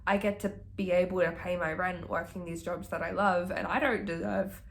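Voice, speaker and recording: A woman's voice: on the low side, fairly even intonation, moderate pace, creaky, slight background noise. A young woman in her early twenties chatting casually in a reading vlog, gushing and swearing freely. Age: young adult. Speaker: book vlogger.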